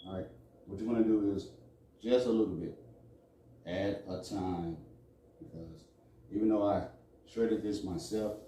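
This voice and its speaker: A man's voice: on the low side, steady tone, measured pace, long pauses, mellow. A middle-aged man hosting a casual cooking demonstration, chatting and joking with viewers as he works. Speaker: cooking show host. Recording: echoey kitchen, from a distance.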